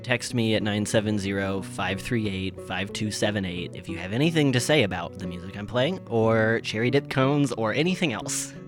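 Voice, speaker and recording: A man's voice: fairly low pitch, moderate pace, hardly any pauses. A young man working as a radio DJ, chatting casually and laughing as he introduces the next song. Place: radio studio. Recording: music playing behind.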